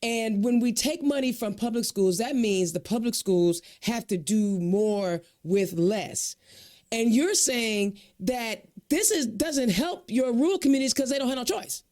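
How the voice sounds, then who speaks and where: A woman from Indiana hosting a casual political livestream, talking in an energetic, folksy way. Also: on the high side, a little slow. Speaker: host.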